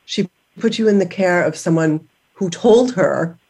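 A woman's voice: fairly low pitch, unhurried, a little mellow, breathy edge. A woman hosting an interview, asking reflective questions in a searching way, circling and repeating as she goes. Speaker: podcast host.

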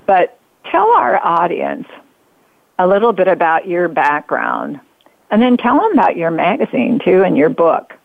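An older woman from the Pacific Northwest hosts an internet radio talk show. Her voice is gravelly and dry, and she talks in a halting, repetitive way with frequent laughs. The sound is muffled and lo-fi. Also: on the low side, very animated, dry recording. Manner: halting, repeats herself, laughs often. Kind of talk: casual interview chat.

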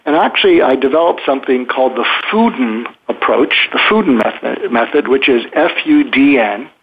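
A man's voice: mid-range voice, lively intonation, moderate pace, slight background noise. A man hosting a podcast, explaining communication techniques in a thoughtful way and acting out example phrases. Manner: thoughtful, frequent restarts, acts out example phrases. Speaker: podcast host, psychiatrist. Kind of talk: conversational advice talk. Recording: phone-line sound.

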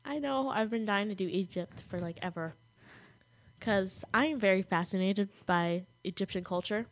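A woman's voice: medium pitch, normal speed, dry recording. A teenage girl from the American Southwest, chatting casually as a podcast co-host, giggly and gushing with enthusiasm. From United States, Arizona and Colorado. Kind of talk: casual chat.

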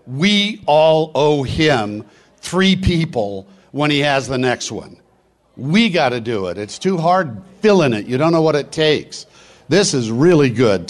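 A middle-aged man speaking at a live business networking event, preachy and rapid-fire, urging the crowd on. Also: fairly high pitch. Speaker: motivational speaker. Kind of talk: live stage speech. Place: event hall.

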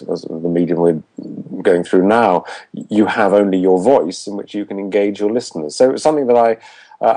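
A man who coaches voices and once worked as a voiceover artist, giving measured, articulate answers in an interview. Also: low voice, warm tone.

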